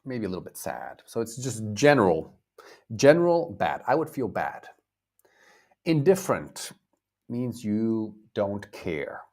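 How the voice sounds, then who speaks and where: A man from the United States teaching a live online English lesson, speaking slowly and clearly, repeating words and acting out feelings for his viewers. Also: lowish voice, very animated, a little mellow.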